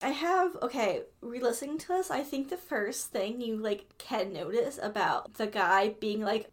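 A woman co-hosting a book-club podcast in casual chat, enthusiastic and full of "like", floating her own theories. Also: medium pitch. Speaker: podcast co-host.

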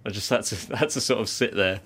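A man co-hosting a podcast in casual chat, chatty and quick to laugh, often slipping into silly put-on accents. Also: fairly low pitch, a bit bright, husky. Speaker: podcast co-host.

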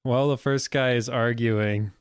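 A man playing a tabletop game, calmly describing his character's actions. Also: medium pitch, normal speed, clear, resonant tone, dry recording, studio quality. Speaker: player.

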